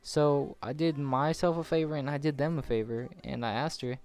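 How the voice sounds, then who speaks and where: A man's voice: on the high side, fairly even intonation, normal speed, a little mellow. Rambling, profane young man telling a story. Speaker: gaming channel host. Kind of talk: casual storytelling over gameplay.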